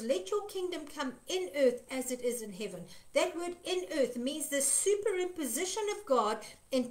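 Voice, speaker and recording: A woman minister giving an earnest devotional teaching, stressing her points by repeating phrases. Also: high voice. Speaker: Christian minister.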